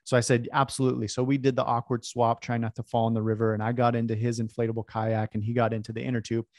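Male speaker, animated storyteller, mid pitch, close dry mic. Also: quick pace, dry recording. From California. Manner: animated, self-deprecating storyteller. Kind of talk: storytelling talk.

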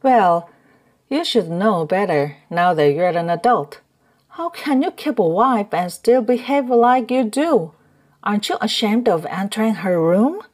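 A woman's voice: medium pitch, lively intonation, a little slow, a little mellow, pitched above the performer's own voice. A woman voicing a nosy, scolding village wife. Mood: reprimanding. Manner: reprimanding, scolding. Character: nosy middle-aged village woman, meddling. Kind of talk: audiobook character voice.

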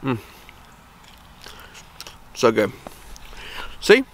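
A man vlogs from his yard about his homestead in a Southern American accent, his medium-pitched voice fairly bright, his intonation fairly even, and his pace moderate. The talk is casual, rambling, and enthusiastic with many restarts, and faint outdoor noise is present.

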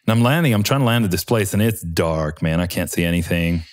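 A man, a former Army helicopter pilot, telling lively stories on a podcast in a home studio, with casual swearing. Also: sits low, fast. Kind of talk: casual storytelling.

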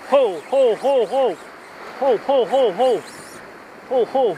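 A man fishing from the shore, whooping and calling out excitedly as he fights a big fish, with surf and wind behind him. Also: very high-pitched, slow pace, pauses often, slightly rough. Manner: whooping, shouting with excitement, local slang. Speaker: fisherman. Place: outdoors on the shore by the ocean. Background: waves and wind.

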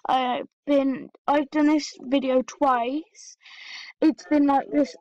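A woman's voice: sits high, fairly even intonation, takes it slowly, darkish tone, muffled recording. A woman vlogging, ranting in exasperation at her freezing laptop and apologizing to her viewers. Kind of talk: frustrated vlog rant.

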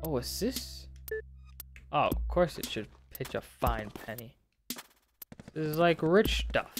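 A woman giving relaxed commentary while playing a video game, humming and singing little tunes along the way. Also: low voice, slow. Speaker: gaming video host. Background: game music.

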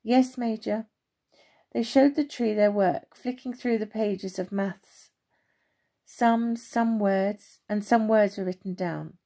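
A woman narrates a children's story in a gentle, expressive reading voice. Her tone is dark and mellow. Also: mid-range voice, slow, gravelly.

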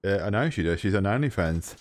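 Mocking English man with a lively voice. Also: deep voice, fast talker. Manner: mocking, taunting, boastful. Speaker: streamer trolling other players. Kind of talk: insulting banter over game voice chat.

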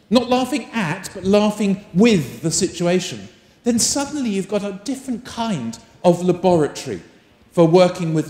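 A man running a live teacher-training workshop, coaxing the audience and firing questions at them. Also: high voice. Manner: animated, coaxing, asks the room many questions. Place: large conference hall. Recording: roomy echo of a large hall.

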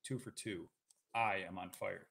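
A man's voice: low voice, a little slow, creaky, a little hiss or hum. A man co-hosting a live card break, talking in rambling, joking banter. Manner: rambling, jokey, lively.

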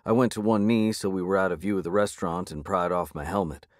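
Deep-voiced male audiobook narrator. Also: steady tone, fast talker, dry recording, clean studio sound. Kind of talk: first-person audiobook narration.

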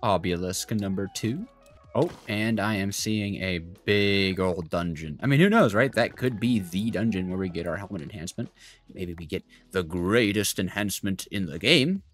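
A man's voice: low voice, moderate pace, soft background music. A young man giving rambling let's play commentary as a gaming YouTuber, chatty with lots of fillers and asides. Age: young adult.

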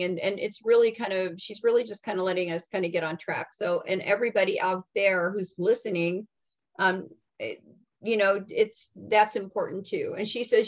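A woman working as a psychic medium, relaying messages in a halting, soft-spoken way with many restarts. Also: medium pitch, steady tone. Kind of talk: channeling messages in casual chat.

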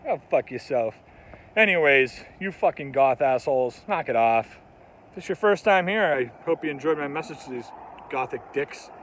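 A man with a high voice tears into his targets in a foul-mouthed comedic rant, swearing at every turn. His delivery is angry and mocking. Faint street noise hums behind him, as if he is recording outdoors near traffic. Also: expressive, moderate pace, fairly bright tone. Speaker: comedic ranter, channel host.

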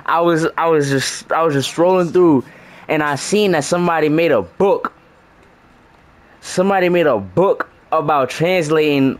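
A young man giving casual gameplay commentary, trash-talking loosely and rambling with restarts. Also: on the high side. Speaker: gaming streamer.

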